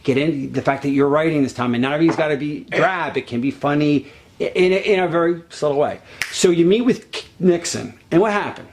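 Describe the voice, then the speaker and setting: A man's voice: a little high, a little mellow. A man directing an actor on set, coaching him in a pushy, profane, repetitive way. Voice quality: rapid, pushy, profane, repeats himself.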